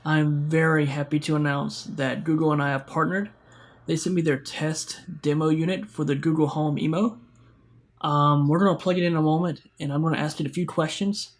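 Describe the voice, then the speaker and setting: A young man hosts a tongue-in-cheek tech review, gushing and over-dramatic. His voice sits a little high for a man. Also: steady tone, moderate pace. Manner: over-dramatic, exaggerated enthusiasm. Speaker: tech YouTuber. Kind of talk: mock-serious product review skit.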